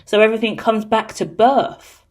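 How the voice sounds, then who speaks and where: A woman giving a collective tarot reading, talking in an excitable, rambling, cheeky way. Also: fairly high pitch, normal speed. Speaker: tarot reader.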